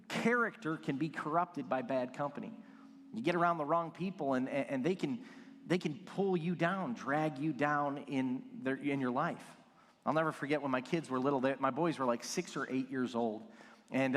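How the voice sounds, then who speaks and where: A man's voice: high-pitched, fairly bright tone. A middle-aged male pastor preaching a sermon, telling stories with self-deprecating jokes. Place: church sanctuary. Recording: long hall reverb.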